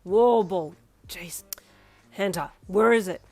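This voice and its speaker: A woman's voice: medium pitch, measured pace, dark tone. A woman voicing a stressed young father who snaps with clipped irritation at the people around him. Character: stressed young dad, gruff and short-tempered.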